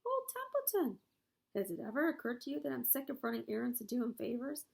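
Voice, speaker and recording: Storybook rat, male, lazy and sarcastic, gravelly grumble with a husky edge, as a woman puts him on. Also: fairly high pitch, very animated, fairly quick, a little mellow, exaggerated voice. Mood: mocking. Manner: mocking and grumbling.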